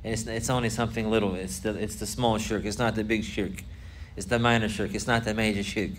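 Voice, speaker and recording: A man giving a religious lesson, explaining points slowly and repeating key phrases for emphasis. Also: fairly low pitch, little pitch movement, slight background noise. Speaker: Islamic teacher.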